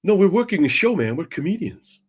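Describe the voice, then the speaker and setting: A tall, laid-back man who speaks in an easy, unhurried manner and keeps calling people man, as a man puts him on in a story. The put-on voice sits higher than the teller's own. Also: big pitch swings, husky, full character voice. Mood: easygoing. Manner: easygoing, calls people man.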